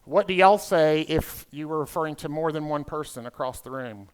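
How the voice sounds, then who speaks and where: A man in his fifties with a Southern US accent, emceeing a conference as a comedian with quick, playful crowd work. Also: a little high, clear, resonant tone. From South Carolina. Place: conference hall stage.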